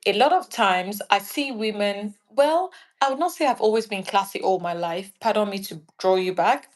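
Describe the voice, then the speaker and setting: A woman's voice: medium pitch, normal speed. A woman from Nigeria, a guest in an interview chat, talking animatedly and acting out little scenes. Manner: animated, acts out little scenes in quoted voices.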